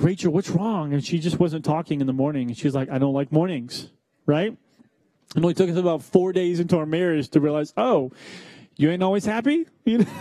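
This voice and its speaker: Young male pastor, casual sermon delivery with jokes, slightly high, mellow voice, dry close sound. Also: no echo. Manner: conversational, self-deprecating, acts out quoted voices.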